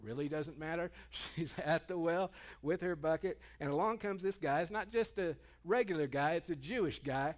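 A man's voice: on the high side, moderate pace. A male pastor preaching a sermon in a conversational, joking way, retelling scripture in everyday terms.

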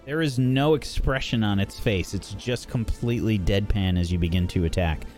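A man's voice: on the low side, normal speed, darkish tone, faint music behind. A man narrating scenes and calling turns as game master of a tabletop game, with frequent fillers.

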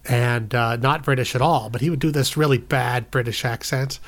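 A man with a middle-range voice tells an improvised bedtime story. He is playful and loose, jumps up in pitch to act out the characters' lines, and then settles back into easy narration. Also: steady tone, moderate pace. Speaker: storyteller, guest podcast host.

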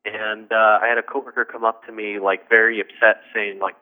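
A tired man calling in to a talk show, telling a story in a halting, hesitant way with many restarts. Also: on the low side, level tone. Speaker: caller. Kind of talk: call-in radio chat. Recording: tinny phone line.

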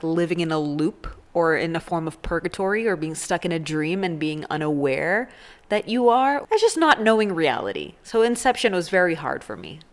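A woman in her thirties hosting a comedic solo show, animated and crude, with self-mocking jokes. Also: fairly low pitch. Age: 30s. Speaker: host.

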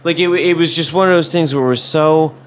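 A man's voice: a little high, brisk. A man in casual chat, telling a heated, profanity-laced story.

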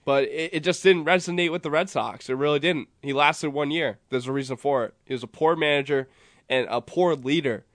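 A man's voice: on the high side, brisk, fairly bright tone, dry recording, studio quality. A man with a New England accent co-hosting sports radio, making earnest points in plain talk. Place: radio studio. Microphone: studio microphone.

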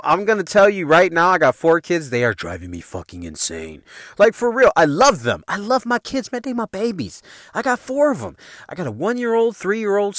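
Lively Chicago man telling stories. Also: high voice, no room sound, clean studio sound. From Chicago, USA. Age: 40s. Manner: loose, profane, laughs at his own jokes. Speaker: podcast host. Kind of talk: casual storytelling monologue.

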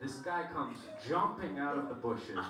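A man's voice: mid-range voice, expressive, unhurried. A man in a band telling a joking story to the audience between songs, playing the people in it as he goes. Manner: laid-back, joking, acts out quotes. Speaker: band member introducing a song. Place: large hall at a live concert. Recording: echoey live hall from far off. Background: crowd.

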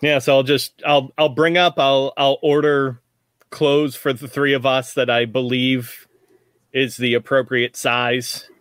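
A man playing a tabletop role-playing game, talking casually and quickly. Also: medium pitch, little pitch movement, a bit bright, no echo, clean studio sound. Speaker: player.

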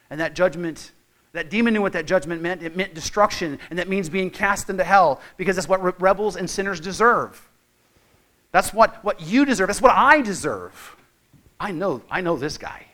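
A man preaching a sermon as pastor, emphatic, with repeated words and restarts as he builds to loud, slow climaxes. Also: a little high.

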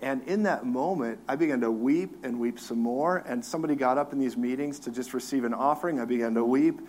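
On a talk show, a minister tells his own story in a medium-pitched voice at a brisk pace, lively and laughing. He acts out his crying with big swings in his voice, and there's slight background noise.

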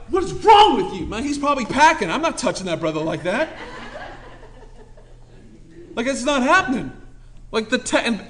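A man's voice: very high-pitched, pushed and bright. A young man preaching a sermon in a passionate, conversational way, joking with the room and repeating points for emphasis. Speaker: pastor.

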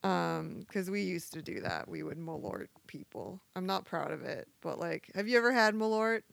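A woman's voice: fairly low pitch, sing-song, normal speed, vocal fry, no echo. A woman in her thirties who works as a bartender, telling candid, profane stories in a casual podcast chat.

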